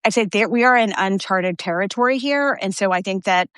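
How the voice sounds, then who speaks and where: A woman's voice: mid-range voice, fairly quick, a bit bright, smooth, dry recording, clean studio sound. A woman guest in an interview, speaking earnestly with frequent stumbling restarts.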